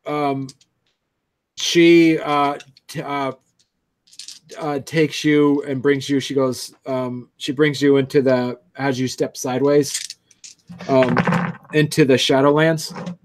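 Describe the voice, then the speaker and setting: A man's voice: medium pitch, flat delivery, slow pace, long pauses. A man narrating a tabletop game as game master, hesitant, with many ums and restarts.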